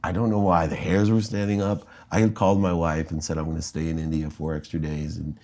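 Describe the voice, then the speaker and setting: Deep-voiced American man telling a story. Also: a little fast. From United States. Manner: animated storyteller, acting out quoted dialogue. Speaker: interview guest. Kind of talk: storytelling in a podcast interview.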